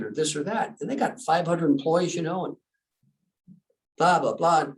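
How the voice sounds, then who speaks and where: A man's voice: fairly high pitch, moderate pace. A man telling a story casually in conversation, laughing as he goes and acting out the other people's lines. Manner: chatty, laughs while telling stories, acts out dialogue. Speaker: guest speaker. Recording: distant from the mic.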